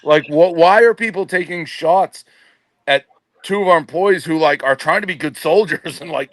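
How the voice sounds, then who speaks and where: A man's voice: fairly high pitch, expressive, moderate pace, fairly bright tone, no echo. A man on a podcast panel, ranting in a profane, exasperated and blunt way. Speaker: company boss on a podcast panel. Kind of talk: heated casual rant.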